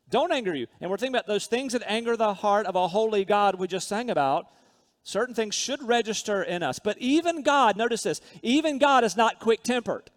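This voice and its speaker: A man's voice: high-pitched, big-room sound. A man preaching a sermon in a church, reading scripture and mixing in conversational, self-deprecating asides. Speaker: pastor.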